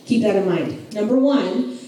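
A woman's voice: medium pitch, unhurried, warm tone. A woman giving a chatty, joking Bible lesson and laughing at herself. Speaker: Bible study teacher. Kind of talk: casual Bible teaching. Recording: echoey room from far off, faint noise.

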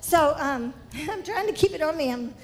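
A woman giving an exuberant missionary testimony in church, shouting praise and laughing often. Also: sits high, lively intonation, normal speed, a little hiss or hum.

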